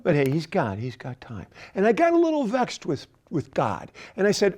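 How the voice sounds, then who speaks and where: A middle-aged man doing storytelling stand-up comedy, deadpan, dropping at times to a whisper. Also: high voice, moderate pace, hardly any pauses. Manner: deadpan, animated, drops to whispers.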